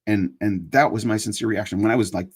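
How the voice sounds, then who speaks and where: Husky low-voiced man, earnest live chat. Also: steady tone, fast. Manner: earnest and emphatic, building into preaching. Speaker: online show host. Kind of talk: casual live chat with religious reflection.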